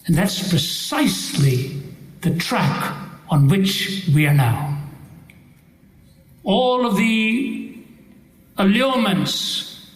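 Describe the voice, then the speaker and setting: A middle-aged preacher with a notably high voice delivers an emphatic, rhetorical sermon. He races through some phrases and leans slowly on others. His voice rings with the roomy echo of a large hall. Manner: emphatic, rhetorical, shifts between rapid bursts and slow deliberate stresses.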